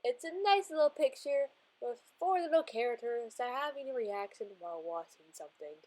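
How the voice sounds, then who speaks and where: A woman's voice: on the high side, lively intonation, fairly quick, a little mellow. A woman casually narrating what she colors and draws, chatty and rambling, often restarting her sentences. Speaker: art channel creator.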